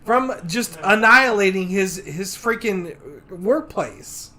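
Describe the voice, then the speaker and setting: This is a woman co-hosting a casual podcast, quick with a crude joke. Her voice is bright and ringing. Her pitch swings widely. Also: expressive. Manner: joking, teasing, swears freely. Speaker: podcast co-host. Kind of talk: casual comedic chat.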